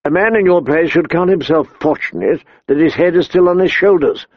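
A man's voice: fairly high pitch, fairly quick, dry recording, dull audio, pitched above the performer's own voice, natural voice. A man voicing a cold, haughty queen who speaks in icy, accusing tones. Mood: scornful.

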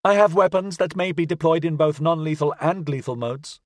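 A man voicing a proud male snake robot with a rapid, piping voice. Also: a little high, no room sound, studio quality, pitched above the performer's own voice, natural voice. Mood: precise.

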